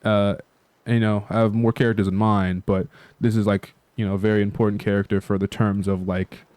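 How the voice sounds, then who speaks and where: A man with a fairly low, smooth voice rambles through a casual chat and leans on fillers. He swears offhandedly. The sound is dry and close. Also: little pitch movement, a little fast, darkish tone, no echo. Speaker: channel host.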